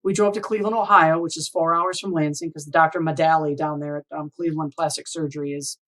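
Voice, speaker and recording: A woman's voice: low-pitched, steady tone, fast, fairly bright tone, poor audio. A woman in her forties, speaking as a guest on an interview show. She tells a personal story earnestly, with open emotion. She keeps the talk conversational and checks in with her listener by asking "right?" and "you know?".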